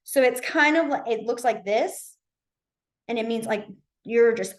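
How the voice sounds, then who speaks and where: A woman's voice: a little high, a little slow. A young woman casually teaching a beginner sign language class online, chatty with many fillers. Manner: chatty, lots of fillers, demonstrative.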